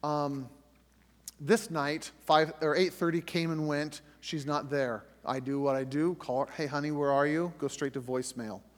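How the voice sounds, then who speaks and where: A middle-aged man speaking in a fairly high voice, telling a personal story on a faith podcast. He talks conversationally and often restarts his sentences. A long reverb trails each phrase. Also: steady tone, unhurried. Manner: conversational storytelling with restarts, rising tension when reliving the scare. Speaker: podcast host.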